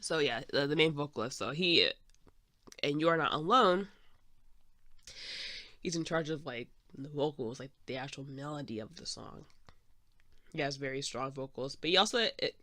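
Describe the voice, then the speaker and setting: Woman, podcast host, casual rambling chat, bright voice, dry close sound. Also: deep voice, normal speed, long pauses, no room sound. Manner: chatty, meandering, full of "um" and "like".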